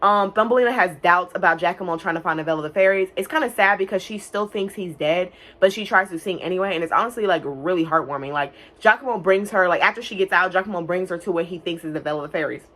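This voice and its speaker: A young woman casually recapping an animated film, talking fast and loose with lots of filler words and swearing. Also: lowish voice. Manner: chatty, profane, many "like" fillers; quick bursts of mock-singing and silly character voices. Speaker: movie reviewer.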